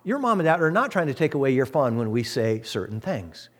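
A man preaching as pastor of his church, swinging from loud emphatic peaks to hushed low asides. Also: big pitch swings, fairly quick. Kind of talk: sermon.

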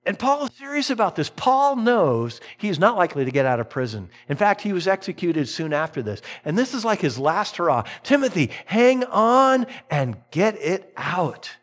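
A middle-aged man preaching a sermon as a pastor, talking in an animated way and acting out voices in his stories. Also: a little fast, hardly any pauses. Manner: animated, swings pitch widely, mimics voices in anecdotes.

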